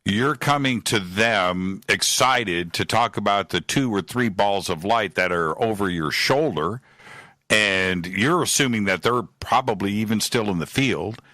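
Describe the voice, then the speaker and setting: A male radio host with a lowish but bright, forceful voice, energetic as he recaps and presses his guest. The sound is close and dry. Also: a little slow, no room sound. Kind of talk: radio interview.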